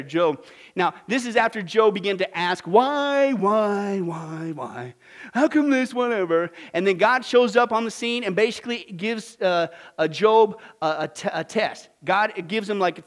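A man preaching a dramatic sermon, asking the congregation questions and swinging from hushed whispers to loud exclamations. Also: high-pitched. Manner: asks the congregation rhetorical questions.

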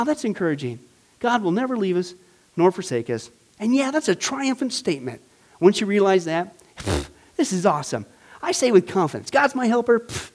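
A male pastor teaching a Bible study class, animated and emphatic, with exclamations and repeated phrases. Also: sits high.

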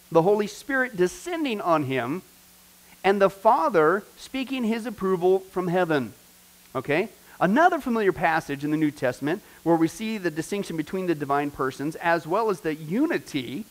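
Middle-aged male pastor, high-pitched, conversational teacher who quizzes his class.

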